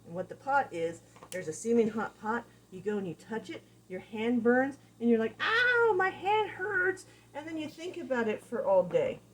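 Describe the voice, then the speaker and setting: Animated woman dog trainer. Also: fairly high pitch, moderate pace, a little hiss or hum. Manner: animated, repeats phrases, acts out examples. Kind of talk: casual teaching talk.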